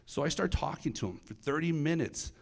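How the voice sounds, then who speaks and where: A middle-aged man and former federal agent, telling a case story to a live audience in an animated way and acting out the dialogue. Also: fairly high pitch, a little fast, gravelly. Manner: animated, acts out dialogue, addresses the crowd directly.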